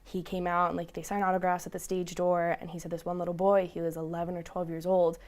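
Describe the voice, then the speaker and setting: Brisk, lower-pitched young woman recounting an interview, chatty with filler words. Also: flat delivery, darkish tone. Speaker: student reporter guest. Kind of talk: casual interview chat.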